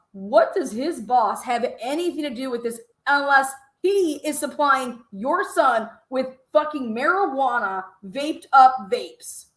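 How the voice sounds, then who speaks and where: Woman, high voice, foul-mouthed, mocking, incredulous, echoey room. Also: fairly bright tone. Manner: mocking, swearing, laughing, incredulous. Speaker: podcast host reacting to a clip. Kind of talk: profane reaction commentary.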